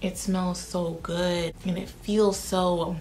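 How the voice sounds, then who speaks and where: Casual sassy girl reviewing lip gloss at home, lowish voice, light background hiss. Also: slow. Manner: chatty, animated, sassy asides. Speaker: beauty vlogger.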